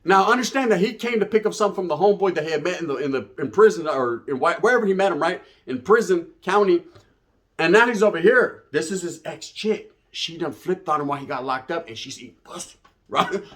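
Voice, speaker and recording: A man's voice: a little high, expressive, fast, fairly bright tone. A man telling a rambling, profane hood story full of slang. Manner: rambling, swearing, slang-heavy. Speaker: comedic storyteller.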